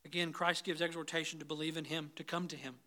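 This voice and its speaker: A man preaching a sermon as pastor, swinging between loud, rising intensity and soft, low pleading, often calling the congregation "guys". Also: flat delivery, quick pace. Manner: repeatedly addresses the congregation as "guys".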